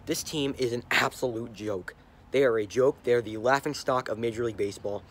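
Speaking a little fast at medium pitch with a breathy edge, a young sports vlogger fumes into a handheld camera. The rant loops back on itself and he stumbles over words.

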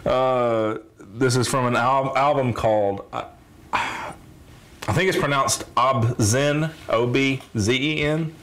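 A man's voice: mid-range voice, fairly even intonation, slow, a bit bright. A man hosting a reaction video, chatting casually and explaining with fillers. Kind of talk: casual chat.

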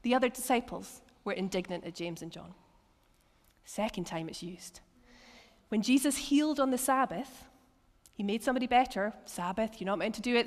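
Woman preacher, interactive sermon, animated storytelling, bright lively pitch, long hall reverb. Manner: lively, animated storytelling with acted quotes and laughs. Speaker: preacher leading a church teaching session. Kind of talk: interactive sermon with table activities. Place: church hall.

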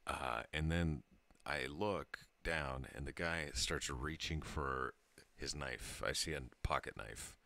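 A man's voice: extremely low pitch, slow, hardly any pauses, bright, forceful tone, no room sound. A tipsy man in his thirties telling a rambling story to his channel, laughing and breaking off mid-sentence. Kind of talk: casual storytelling monologue.

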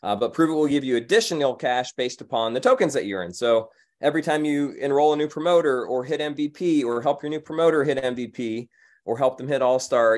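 Enthusiastic man hosting a team call. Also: medium pitch. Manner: enthusiastic, casual, many fillers. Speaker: host of team meeting. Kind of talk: upbeat company meeting talk.

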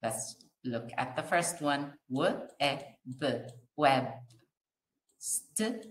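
A woman teaching a kindergarten phonics lesson, sounding out letters and words slowly in a sing-song way for small children. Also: low voice, lively intonation, reverberant.

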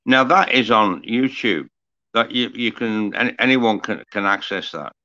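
A man's voice: fairly low pitch, a little slow, pushed and bright, dry recording. An older man, a former TV presenter, telling a chatty story as an interview guest with lots of restarts and asides. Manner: chatty storyteller with frequent restarts and "you know". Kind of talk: casual interview anecdote. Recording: slightly muffled dry audio.

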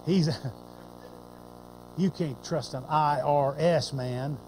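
A man's voice: drawn-out words, background noise. A man preaching voices a sly male disciple muttering suspicious gossip about a companion. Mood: gossipy. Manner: very low, muttering.

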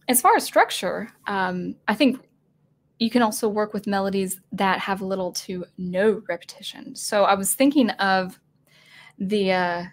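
A woman teaching music composition in a casual video lesson, thinking aloud with many fillers and restarts, her throat getting dry. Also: medium pitch. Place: at home with a digital keyboard.

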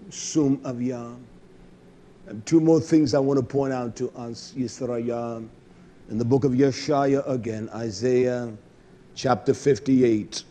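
A man delivers a fiery sermon in a slightly high voice. He lurches between low, muttered asides and loud, shouted exhortations, and he curses bluntly as he goes. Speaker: preacher.

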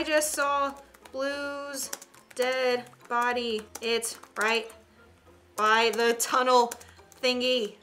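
Bright, excitable young woman gamer. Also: on the high side. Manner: excitable, chatty, quick gasps and giggles. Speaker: gaming streamer. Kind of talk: casual gameplay commentary.

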